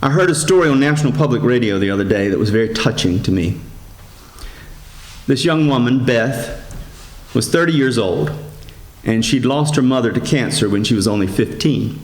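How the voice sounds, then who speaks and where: Priest giving a sermon, gentle storyteller, slows down to stress things, church echo all around. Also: male voice, medium pitch, lively intonation. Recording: echoey church sanctuary.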